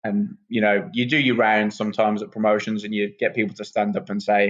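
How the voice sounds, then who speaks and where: A wrestler, relaxed and rambling with lots of ums, chatting as a guest on a podcast. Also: male voice, lowish voice, brisk. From England. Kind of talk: casual podcast interview. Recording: muffled lo-fi sound.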